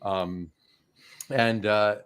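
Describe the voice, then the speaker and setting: A man's voice: fairly low pitch, steady tone, extremely slow, a bit bright, smooth. A man hosting a casual chat, telling stories and rambling with restarts. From New Jersey. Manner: rambling, many fillers and restarts, tells stories. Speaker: host.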